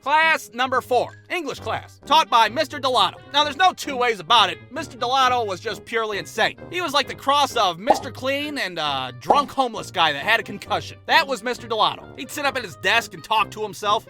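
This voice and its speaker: A man narrates comedic cartoon stories in a very high, piercingly bright voice. He is crude and profane and exaggerates everything, and soft music plays faintly behind him. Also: expressive, fairly quick, hardly any pauses. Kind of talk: comedic animated storytelling.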